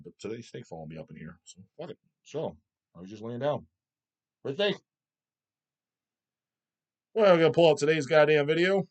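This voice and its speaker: A man's voice: mid-range voice, a bit bright. A man hosting his own video channel, ranting and swearing constantly in a mocking, scornful way. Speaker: channel host. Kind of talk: profane rant vlog.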